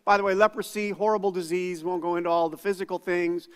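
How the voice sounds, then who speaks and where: A man's voice: high voice, fairly even intonation, fast, smooth, in a large hall. A man preaching a sermon as pastor, conversational and self-deprecating, with casual asides to the congregation. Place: church sanctuary.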